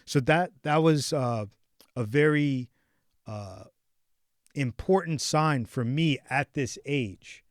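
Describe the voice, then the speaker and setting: A man in his forties hosting a podcast, telling a personal story in a casual chat with animated swings between hushed and loud. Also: mid-range voice, slow pace, no echo, studio quality. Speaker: podcast host.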